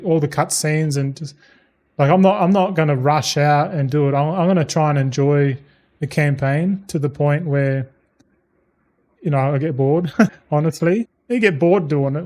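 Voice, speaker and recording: A man streaming a game, chatting in a relaxed, rambling way with plenty of swearing and stories. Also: fairly high pitch, moderate pace. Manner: swears freely, tells anecdotes; laid-back, loose and chatty. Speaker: gaming streamer. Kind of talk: casual rambling stream chat.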